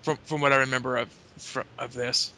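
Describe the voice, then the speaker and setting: A man's voice: medium pitch, flat delivery, fairly quick, pushed and bright. A man co-hosting a podcast, recapping a show in casual chat with lots of fillers and restarts. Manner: rambling recap full of fillers. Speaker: podcast co-host.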